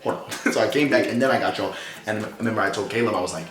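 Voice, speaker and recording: A man's voice: on the low side, very fast, very noisy. A young man casually retelling a story in slangy, profane language, acting out the quotes as he goes. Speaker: storytelling vlogger. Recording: roomy echo, faint music behind.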